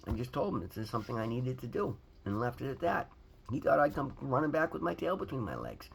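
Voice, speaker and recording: A man's voice: medium pitch, very animated, fast talker, creaky, husky. A man giving a candid, earnest personal testimony about his recovery from his home, often restarting phrases and calling viewers "guys". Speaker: recovery vlogger.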